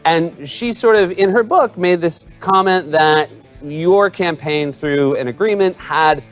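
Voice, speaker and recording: A man interviewing a politician, putting a brisk, leading question. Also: a little high, faint music behind. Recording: muffled played-in clip.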